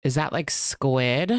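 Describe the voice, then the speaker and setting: Her voice is very deep, and the recording has no echo. This commentary host chats casually and sarcastically through her reactions at home, sitting close to the mic and saying "like" a lot.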